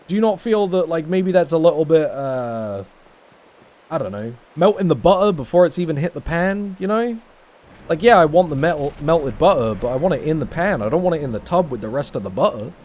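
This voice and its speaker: A man's voice: medium pitch, a little mellow. A young man streaming a game, chatting casually with his viewers in a rambling, self-mocking way and swearing often. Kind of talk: casual gameplay chat with stream chat.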